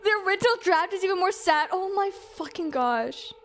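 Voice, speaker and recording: A woman's voice: very high voice, expressive, a little fast, a little hiss or hum. A woman streamer reacting to a game, emotional and swearing, laughing often. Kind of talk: gameplay reaction commentary. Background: game music.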